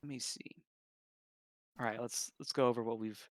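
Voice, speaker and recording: A man's voice: medium pitch, fairly even intonation, moderate pace, dry recording. A man reading a story aloud on a live stream, casually breaking off to comment. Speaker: story reader, stream host.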